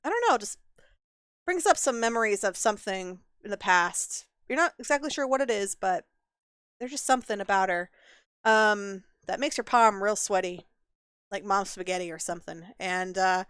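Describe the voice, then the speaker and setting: A woman narrating a tabletop role-playing game as game master, in a relaxed storytelling style with many fillers. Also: medium pitch, moderate pace, long pauses, smooth, no echo, clean studio sound.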